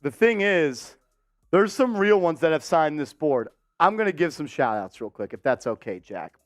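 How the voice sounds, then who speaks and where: A man hosting a casual live-stream sports show, talking warmly and giving viewers shout-outs. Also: a little high, animated, normal speed, dry recording, studio quality, faint music behind.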